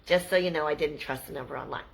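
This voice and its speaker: A middle-aged Canadian woman telling a story to her viewers in a chatty, animated way. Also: low-pitched, quick pace, creaky, slight background noise, poor audio. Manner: chatty and animated, acts out the people in her stories. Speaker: vlogger. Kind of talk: casual storytelling to camera.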